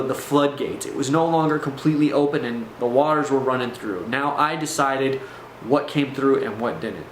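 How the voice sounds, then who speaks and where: A man's voice: mid-range voice, a little hiss or hum. Earnest man telling his testimony. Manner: earnest, intense, with restarts and fillers. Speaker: vlogger telling a personal testimony. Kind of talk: earnest personal storytelling. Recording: echoey room.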